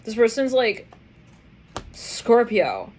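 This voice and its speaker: A woman's voice: on the high side, very slow, a little hiss or hum. A woman doing a casual tarot reading who laughs often and acts out voices she hears. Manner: excitable, laughing, acting out quoted voices. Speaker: tarot reader.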